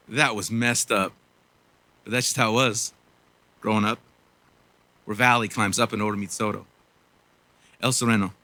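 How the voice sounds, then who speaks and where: A man's voice: mid-range voice, fairly quick, pauses often, sharp tone, no echo. A man in his forties from Los Angeles performing spoken word poetry with a rhythmic, earnest delivery and casual asides. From Los Angeles, USA. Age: 40s. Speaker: poet.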